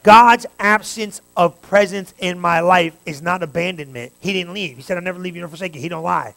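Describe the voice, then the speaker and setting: A man pastor preaching a sermon, talking straight to his congregation and building to fervent, loud stretches. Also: sits high, fairly quick, creaky. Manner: preaching with rising fervor, direct address to the congregation.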